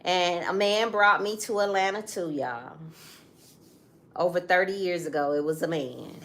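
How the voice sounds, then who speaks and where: A woman's voice: lowish voice, measured pace, a bit bright, a little hiss or hum. A middle-aged woman in casual conversation who tells the story with feeling and keeps turning aside to speak straight to her listeners. She talks as a co-host chatting with her partner. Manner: emphatic storytelling with direct asides. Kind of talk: casual chat.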